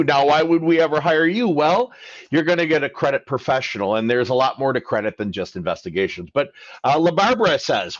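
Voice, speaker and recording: A man's voice: a little high, sing-song, moderate pace, dry recording, lo-fi sound. A man hosting a live question-and-answer session as a credit coach, talking emphatically and acting out both sides of phone calls. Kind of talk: livestream Q&A talk.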